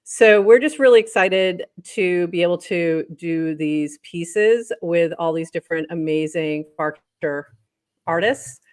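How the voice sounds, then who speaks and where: A woman co-hosts a casual livestream, cheerful and laughing often as she runs through the morning's news. Her voice sits a little low for a woman. The sound is dry and close, with no room around it. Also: a little slow, a little mellow, dry recording. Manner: upbeat, laughs often, reads news items. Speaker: co-host.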